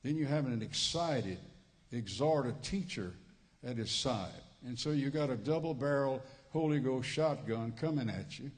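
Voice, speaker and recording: A man with a Cajun accent delivers a sermon from a church pulpit, folksy and joking, often repeating himself. His voice sits in a middle pitch. The church microphone carries a long, reverberant hall echo. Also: a little slow. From Louisiana Cajun country. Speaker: visiting preacher. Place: church sanctuary.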